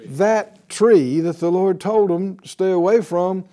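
A middle-aged man delivers a sermon in a slow, deliberate cadence. His voice sits slightly high for a man but has a warm, mellow color. He drives his points home with emphasis and rhetorical questions to the listeners. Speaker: pastor.

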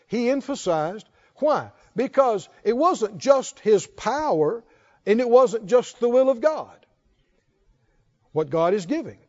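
In a dull, lo-fi recording, a pastor with a very high and lively voice delivers his sermon. He speaks slowly with strong emphasis, building up to fervent appeals.

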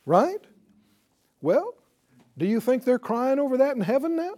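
A man preaching a sermon with passion, swinging from loud exclamations to hushed prayer and leading the listeners in a spoken prayer. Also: extremely high pitch, sing-song, a little slow. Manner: leads congregation in spoken prayer.

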